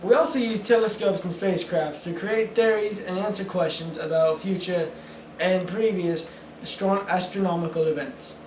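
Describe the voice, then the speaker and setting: Guy doing a fumbly astronomer being interviewed, high voice, roomy echo, far from the mic. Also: fairly even intonation, normal speed, slight background noise, close to an everyday voice. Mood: earnest. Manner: earnest, stumbling over words. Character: pompous British male astronomer being interviewed. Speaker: interviewee in a school project skit. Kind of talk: amateur skit acting.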